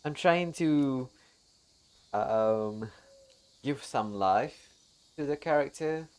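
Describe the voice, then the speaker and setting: Very low-voiced woman streamer. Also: lively intonation, very slow, darkish tone, clear, resonant tone. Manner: laughing, apologetic and chatty. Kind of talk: casual gaming stream chat. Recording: faint game music behind.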